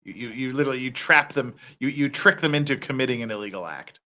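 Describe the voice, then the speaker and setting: Talking fast in a mid-range voice, a man hosts a reaction commentary full of heated ranting. He swears often and keeps the delivery animated.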